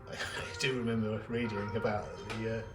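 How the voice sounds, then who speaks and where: A man talks loosely and wryly as he works on jewellery during a live stream, speaking at normal speed in a mid-range voice. The workshop sounds open and echoey, with music playing clearly in the background.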